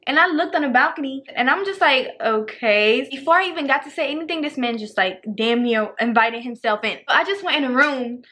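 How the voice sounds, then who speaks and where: A woman's voice: sits high, quick pace, few pauses, bright, forceful tone. A young woman casually telling a storytime to the camera, chatty and profane. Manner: chatty and profane, acts out quotes. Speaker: storytime vlogger.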